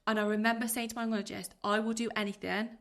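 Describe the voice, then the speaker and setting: A woman in her thirties speaks with a gravelly, creaky edge to her voice. She talks earnestly and from the heart, pouring out her thoughts in rushes as a guest on a podcast. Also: medium pitch, level tone. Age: 30s. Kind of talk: emotional personal interview.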